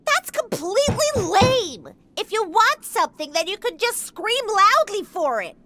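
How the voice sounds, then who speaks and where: A woman's voice: very high voice, very animated, unhurried, heavy background noise, heavily acted. A woman voicing a spoiled, demanding little girl in a video game, whiny and bossy. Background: game music.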